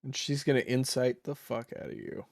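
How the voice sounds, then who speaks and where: A man's voice: medium pitch, level tone, moderate pace, no room sound, studio quality. A man narrating a tabletop game as dungeon master, casual and hesitant, with many fillers.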